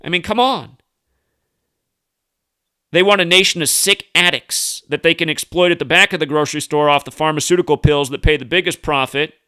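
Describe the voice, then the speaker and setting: A man's voice: on the high side, fairly even intonation, fast talker, hardly any pauses, sharp tone, clear, resonant tone, no room sound. A man from the United States hosting a video commentary, ranting in a heated, combative and profane way. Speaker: host.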